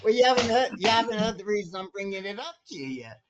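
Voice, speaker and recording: A man with a notably high voice tells a story on a group video call. He gets animated and often restarts and repeats his words as he talks. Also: quick pace, a loud crowd. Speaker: support group member.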